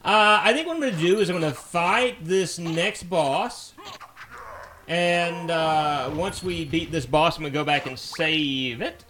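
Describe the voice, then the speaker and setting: A man's voice: a little high, measured pace, bright, forceful tone, a little hiss or hum. Chatty man with a mild Southern accent. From Alabama, US. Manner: chatty and rambling, easy-going. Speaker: game streamer. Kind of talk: casual live-stream chat while playing.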